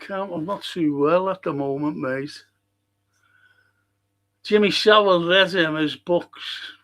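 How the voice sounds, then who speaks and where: A man hosting a live football watchalong, reading chat messages aloud and answering them in a blunt, sweary, quick-tempered way. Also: fairly high pitch, fairly bright tone.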